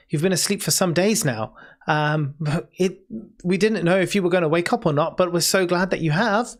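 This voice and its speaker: Someone doing a soft, fussing woman healer. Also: medium pitch, pitched above the performer's own voice, close to an everyday voice. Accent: British. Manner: soothing, reassuring, fussing. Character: gentle caring woman healer.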